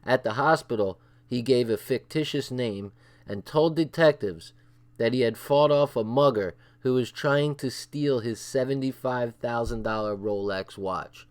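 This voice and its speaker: Male streamer, mid-pitched, reads a crime book aloud in a casual way, with asides to his chat. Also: a little slow. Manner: reads with asides, swearing and chuckles; breaks off to check the chat. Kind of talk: casual livestream book reading.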